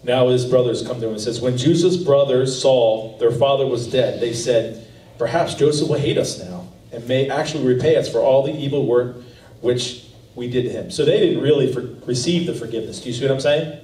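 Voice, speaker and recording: A man's voice: mid-range voice, fairly quick, warm tone. A man preaching a conversational, earnest sermon as pastor, reading scripture and explaining it to his congregation. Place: church sanctuary. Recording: roomy, distant live church recording.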